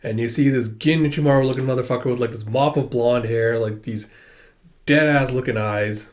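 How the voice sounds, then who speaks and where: A man's voice: mid-range voice, steady tone, fairly quick. A young man casually reading through a manga chapter and commenting on it, chatty and swearing freely.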